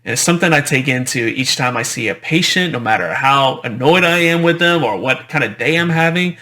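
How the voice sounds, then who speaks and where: A dentist giving a conversational conference presentation, often repeating phrases and adding "right?" tags. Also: male voice, mid-range voice, expressive, a little fast, bright, forceful tone.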